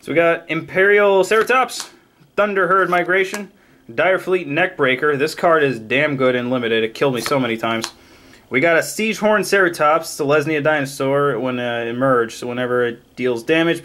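A man casually opening trading card packs on camera, excitably rattling off card names and cracking jokes. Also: a little high, normal speed. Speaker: card pack opening vlogger. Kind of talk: casual card unboxing commentary.

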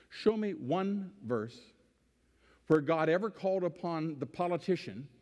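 A middle-aged man giving a public speech, telling folksy stories with pauses for effect and building to fervent emphasis. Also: mid-range voice, a little mellow, in a large hall. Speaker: political speaker. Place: large hall with audience.

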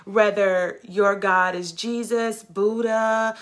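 A woman's voice: medium pitch, steady tone, takes it slowly. A woman vlogging to camera about self-love, talking in an emphatic, repetitive way and calling her viewers "baby" and "ladies". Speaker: vlogger and travel nurse. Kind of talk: casual motivational talk to camera.

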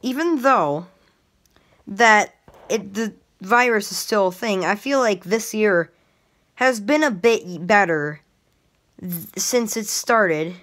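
A woman's voice: medium pitch, lively intonation, takes it slowly, a bit bright. Woman musing aloud in a vlog. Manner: meandering, thinks aloud. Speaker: vlogger. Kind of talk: casual vlog monologue.

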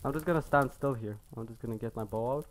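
A teenage boy giving casual, excitable gameplay commentary as a gaming video host, swearing and repeating himself when the action gets tense. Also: mid-range voice, quick pace, slight background noise. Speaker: gaming YouTuber.

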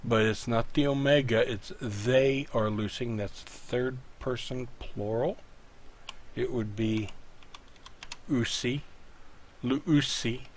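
A man's voice: mid-range voice, slow, long pauses, slight background noise. A man teaching a language lesson while typing at his computer, patiently talking the student through each step. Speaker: Greek teacher. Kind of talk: screen-recorded tutorial lesson.

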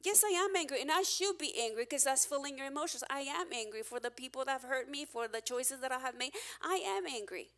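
A woman pastor preaching a candid, emphatic sermon, her loudness rising and falling as she presses her points. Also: high-pitched, lively intonation, fairly quick, few pauses.

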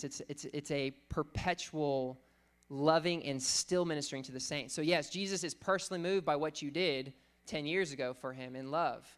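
A man preaching a sermon, teaching earnestly, reading scripture slowly and thinking aloud with fillers. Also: on the high side, fairly bright tone.

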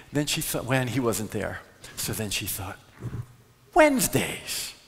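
A man's voice: mid-range voice, gravelly. A man giving a live conference talk on sales, telling stories and acting out the people in them. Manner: animated storyteller who acts out quoted voices. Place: large conference hall. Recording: long hall reverb.

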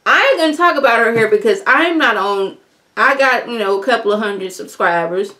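A woman's voice: on the high side, animated, a little fast, bright, forceful tone. A woman YouTuber giving a casual, sassy review of a reality TV episode, talking straight to her viewers and sounding exasperated.

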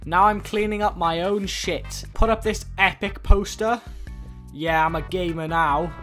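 A young man giving crude, jokey commentary while playing a game, with sudden shouted outbursts. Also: sits high, unhurried, faint music behind. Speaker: gaming YouTuber. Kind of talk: let's-play commentary.

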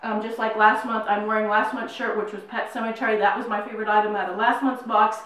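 A woman's voice: medium pitch, level tone, quick pace, fairly bright tone. A middle-aged woman hosting a casual horror unboxing vlog at home, bubbly and gushing, with lots of fillers. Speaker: YouTube unboxing host. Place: home room, in New Mexico. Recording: very echoey room, mic at a distance.

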